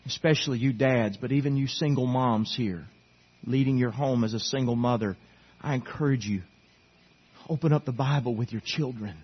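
A middle-aged pastor preaches a sermon to his church in the sanctuary, earnestly pleading and urging the congregation again and again. His medium-pitched voice is slightly rough and moves at a moderate pace, and the recording is muffled.

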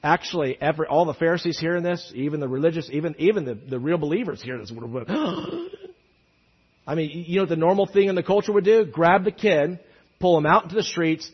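Male preacher, high husky voice, dramatic dynamic sermon delivery, dull lo-fi recording. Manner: animated, swings from loud emphasis to hushed asides.

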